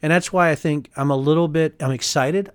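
A man, a former congressman, speaking as a guest in a candid political interview, fast and emphatic, often heated, tagging his points with "right?". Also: on the high side, clear, resonant tone, no echo. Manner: fast, emphatic and heated, many tag questions.

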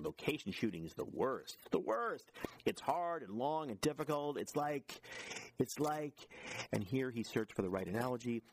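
A man's voice: medium pitch, a little hiss or hum. A man co-hosting a podcast, telling a long anecdote in casual chat with many restarts and a dry tone. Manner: rambling, restarts, dry storytelling. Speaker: podcast co-host and commentator.

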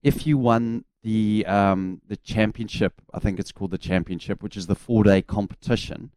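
Low-voiced New Zealand man telling anecdotes. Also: normal speed, no echo, studio quality. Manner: relaxed storytelling with self-deprecating humour. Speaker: radio co-host, former cricketer. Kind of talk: casual sports radio chat.

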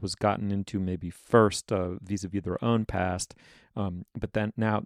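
Guy podcast cohost, low fry-ish voice, lots of ums. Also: dry recording, clean studio sound. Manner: halting, many fillers. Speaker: podcast co-host. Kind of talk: casual chat.

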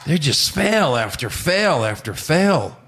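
Male co-host, lively pitch, dry mocking remarks. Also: slow. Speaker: podcast co-host. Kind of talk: casual chat.

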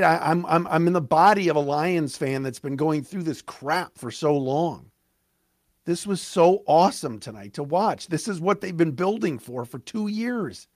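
A man hosting a sports podcast, ranting excitedly with stumbling restarts, his voice cracking. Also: high voice, dry recording, clean studio sound. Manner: fired-up, rapid, stumbling restarts.

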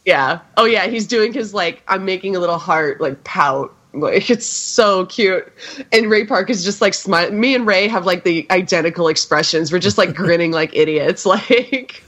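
A young woman co-hosting a podcast, chatting casually and telling a story in an excited, gushing way with frequent laughs. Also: lowish voice, moderate pace, lo-fi sound. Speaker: podcast co-host. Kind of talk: casual chat.

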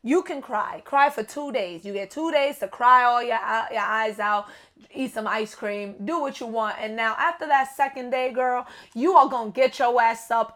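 A young woman co-hosting a casual relationship-advice podcast, talking loudly and animatedly and swearing freely. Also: fairly high pitch, normal speed. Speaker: podcast co-host.

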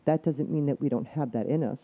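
A man co-hosting a podcast, talking earnestly in a casual chat and often restarting his sentences. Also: on the high side. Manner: earnest, explaining, halting restarts. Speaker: podcast co-host. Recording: tinny phone-like sound.

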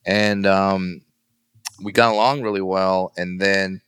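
A man who works as a stand-up comedian, telling stories in a casual interview and animatedly acting out other people in a high voice. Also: takes it slowly, clean tone, dry recording, clean studio sound. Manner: animated, acts out quoted voices in a high pitch.

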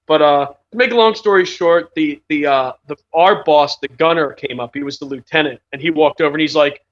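Man, casual storyteller, fairly high voice, profane and rambling, lo-fi sound. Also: fairly quick. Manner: rambling, swearing, laughing storyteller. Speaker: storyteller in group chat. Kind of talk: casual chat.

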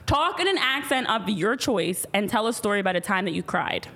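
A woman's voice: medium pitch, sing-song, a little fast, bright, forceful tone. A woman hosting a podcast game, playful and teasing, laughing often. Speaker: podcast host. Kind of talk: casual game-show chat.

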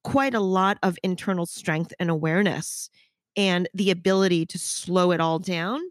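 A woman's voice: lowish voice, normal speed, no echo. Frank, reflective woman podcast host. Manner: frank, swears freely, talks in long reflective runs. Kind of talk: casual interview chat.

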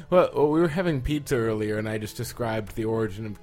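A man's voice: lowish voice, expressive, a little fast, darkish tone, faint music behind. A man from Canada in a casual chat with friends, joking and rambling as he plays trivia. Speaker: trivia player.

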